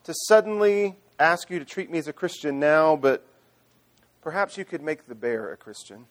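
A preacher putting on a cornered atheist in a spoken joke, pleading with careful, wry politeness. The voice is a touch high for a man. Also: expressive, normal speed, lightly acted.

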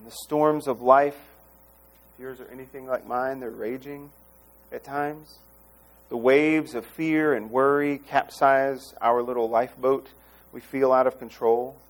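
Animated man preaching a sermon. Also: mid-range voice. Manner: animated, acts out quoted voices, expressive. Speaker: pastor.

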